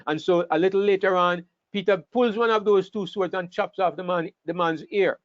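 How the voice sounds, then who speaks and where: A man with a slightly high voice teaches an online Bible class with lively energy, sometimes repeating words as he gathers his thoughts. The sound is a dull, dry online call. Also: moderate pace, dry recording. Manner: animated, acts out scripture quotes, repeats words while thinking. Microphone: online call microphone.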